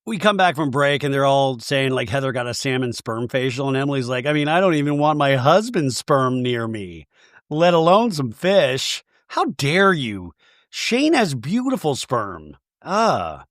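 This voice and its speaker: A man's voice: medium pitch, lively intonation, normal speed, clear, resonant tone, no echo, studio quality. A man hosting a comedic recap podcast, sarcastic and mimicking quotes in exaggerated voices. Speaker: podcast host recapping a reality show.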